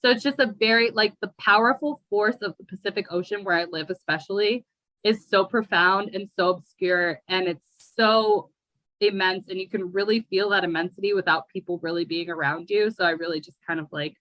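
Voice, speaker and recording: A woman's voice: mid-range voice, a little fast, a bit bright, no echo, rough recording. A young woman from the United States, chatting casually as a guest poet with lots of fillers. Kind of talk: casual conversation. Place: remote call from abroad.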